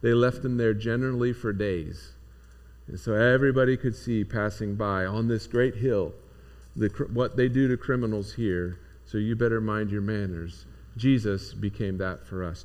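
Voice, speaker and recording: A man's voice: on the low side, fairly even intonation, moderate pace, darkish tone. A man preaching a sermon as pastor, speaking in an earnest, reflective way.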